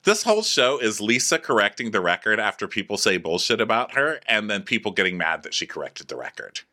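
Bright-voiced snarky male podcast host. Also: fairly low pitch, sing-song, brisk. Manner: snarky, does mocking impressions of cast members. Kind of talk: casual recap chat.

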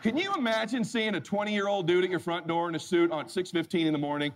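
Male motivational speaker, high-pitched and animated, telling a funny personal story with emphatic bursts. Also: fast talker, slight background noise. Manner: animated, emphatic, swings loud and soft.

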